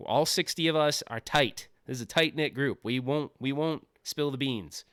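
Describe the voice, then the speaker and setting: A man's voice: medium pitch, moderate pace, fairly bright tone, clean tone, no room sound, studio quality. A man hosting a casual livestream from his home office, rambling and joking, often laughing at himself. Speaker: livestream host.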